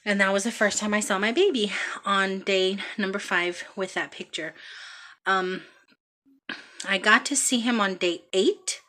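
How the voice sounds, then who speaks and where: A woman telling a heartfelt story about her son's birth in a casual vlog, with many pauses and ums. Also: mid-range voice, sharp tone. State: out of breath. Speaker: vlogger, mother.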